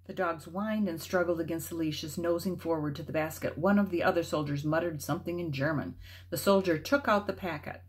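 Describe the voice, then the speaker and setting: A woman reading a children's novel aloud, expressive and varied in her delivery. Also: fairly low pitch, a little fast. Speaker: storybook reader.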